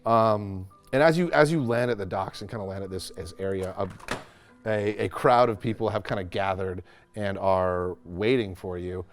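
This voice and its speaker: A man with a low voice narrates a tabletop game as game master, rambling casually and often restarting his sentences. Soft music plays faintly behind him. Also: moderate pace.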